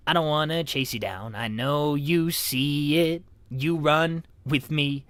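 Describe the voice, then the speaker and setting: A man's voice: medium pitch, fairly bright tone, no echo, lightly acted. A young man streaming in character as a laid-back male skeleton fan character, casual, giggly and self-mocking. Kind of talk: in-character livestream chat.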